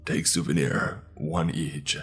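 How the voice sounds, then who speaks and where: Man doing gruff bunker guide. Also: very deep voice, level tone, slow pace, a bit bright, soft background music, heavily acted. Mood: stern. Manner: clipped broken English, terse commands. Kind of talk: horror story narration.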